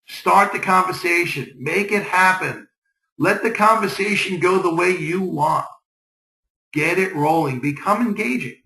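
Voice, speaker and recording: A man with a bright, forceful voice, a bit higher than most, gives a motivational business talk. He drives his points home with short, repeated exhortations. His voice rings around an echoey room. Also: creaky. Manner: upbeat, repetitive exhortations. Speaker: business networking presenter. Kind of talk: motivational presentation.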